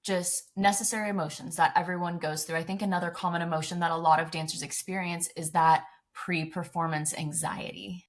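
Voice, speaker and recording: A woman podcast co-host who affirms her guest's answers and asks measured questions. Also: lowish voice. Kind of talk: interviewer asking questions.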